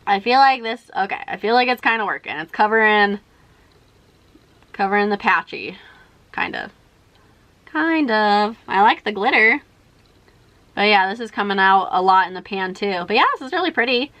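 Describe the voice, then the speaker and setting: A young woman talks straight to camera as she does her makeup, rambling through a story with exasperated asides. Her voice is bright and forward, and it is recorded close and dry with no room sound. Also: medium pitch, lively intonation, moderate pace, no room sound. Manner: rambling, exasperated, says "freaking" and "like" a lot. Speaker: beauty vlogger. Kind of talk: chatty makeup tutorial storytelling.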